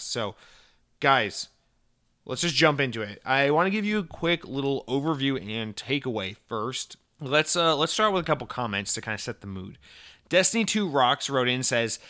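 A man hosting a casual gaming podcast, rambling and venting with lots of swearing and animated mock dialogue. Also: mid-range voice, normal speed. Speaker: podcast host.

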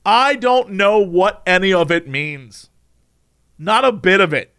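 A man in casual conversation, recounting a strange recurring dream with lively delivery and frequent laughs. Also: high-pitched, slow, clean tone. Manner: animated, acts out quoted voices, laughs often. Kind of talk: casual storytelling chat.

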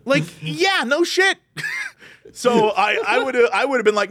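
A man co-hosting a casual podcast, ranting in an animated way and jumping into quoted voices. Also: very high-pitched, measured pace, no echo, clean studio sound. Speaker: podcast co-host.

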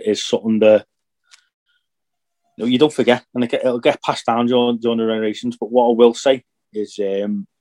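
Young man from Northern Ireland, podcast co-host, reflective and halting, mellow voice. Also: medium pitch. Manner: reflective, halting, searching for words. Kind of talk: casual podcast chat.

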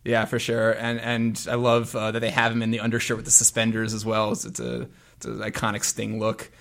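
A man's voice: fairly low pitch, completely flat delivery, brisk, creaky, fairly bright tone. A man hosting a podcast, chatting casually about music in long, meandering sentences. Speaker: podcast host.

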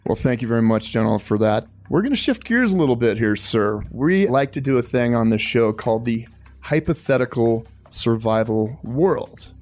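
Man, host, middle pitch, polite, sir-heavy, dramatic scenario telling. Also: animated, normal speed, a little mellow, faint music behind. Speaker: podcast host. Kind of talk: interview with a survival game.

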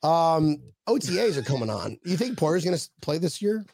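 A man co-hosting a casual sports podcast, excitable and jokey, slipping into mocking impressions. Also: fairly high pitch, normal speed, gravelly, slightly rough, dry recording, clean studio sound. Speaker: podcast co-host.

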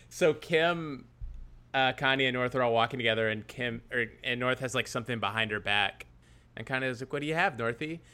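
A man's voice: medium pitch, moderate pace, sharp tone, smooth. A man co-hosting a casual chat, telling a story and laughing as he goes. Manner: storytelling, laughs mid-sentence. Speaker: podcast co-host.

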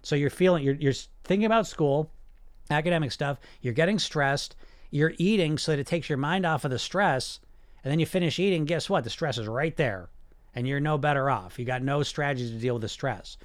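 A man's voice: fairly high pitch, brisk, no room sound. Upbeat coaching man, dry sound. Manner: energetic, repeats himself, talks straight to listeners. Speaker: weight-loss coach and podcast host. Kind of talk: casual live coaching talk.

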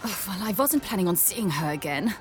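A woman's voice: lowish voice, animated, a little fast, over music, lightly acted. An actress playing a fussy, proper woman who helps a stranger, formal and flustered in an audio drama.

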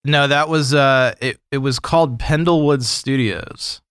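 A man from Ohio, a guest on a podcast, telling his story in a relaxed and friendly way. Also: medium pitch, measured pace, clear, resonant tone, dry recording, clean studio sound. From Ohio, USA. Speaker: podcast guest, music producer. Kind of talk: casual interview.

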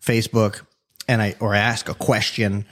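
A man's voice: fairly low pitch, moderate pace. A man co-hosting a podcast, joking and venting in a casual chat. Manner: animated, joking, exclaims. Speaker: podcast co-host.

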